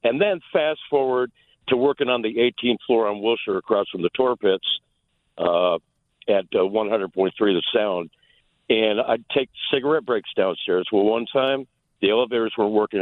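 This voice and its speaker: Male caller, lowish voice, rambling and chatty, heard over a tinny phone line. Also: normal speed, no echo. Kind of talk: telling a story on a call-in show.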